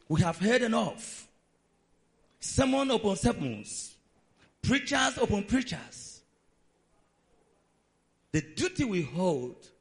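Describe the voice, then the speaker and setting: A man preaching a sermon in a dramatic, emphatic way. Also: sits high.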